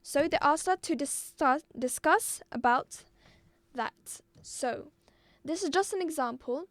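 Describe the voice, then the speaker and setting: A woman with a high voice, from Algeria, teaches an English exam-review lesson at an unhurried pace. She repeats each word and spells it out carefully for her pupils. The sound is dry and close, with no room around it. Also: lively intonation, no room sound. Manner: slow, deliberate, repeats and spells out words for pupils.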